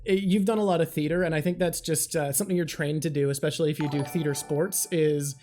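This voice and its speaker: Woman stream host, low mellow voice, excitable, swears, rushed bursts. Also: faint music behind. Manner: excitable, swearing, thanking chat. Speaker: livestream host. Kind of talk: casual live-stream chat.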